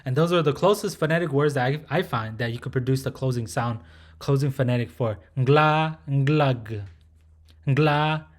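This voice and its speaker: This pronunciation lesson comes from a male language teacher speaking fairly quickly in a mid-range voice. He patiently repeats each sound and often checks in with his learner.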